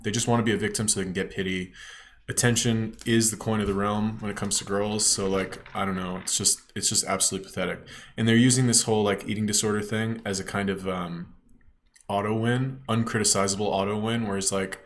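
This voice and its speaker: A man's voice: fairly low pitch, steady tone, a little fast, slight background noise. A man giving a ranting reaction commentary as a YouTube commentator, blunt, scornful and swearing often.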